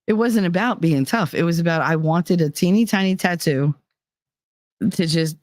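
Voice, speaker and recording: A woman hosting a podcast, telling a personal story in a casual, profane way and acting out the people she quotes with sudden jumps in pitch. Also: normal speed, darkish tone, no room sound, clean studio sound. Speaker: podcast host.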